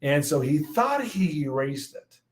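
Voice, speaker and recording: Older male meteorologist guest, lively storyteller, somewhat high voice. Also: a little slow, low-quality recording. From United States. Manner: animated anecdote telling, acts out quotes. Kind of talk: storytelling in an interview.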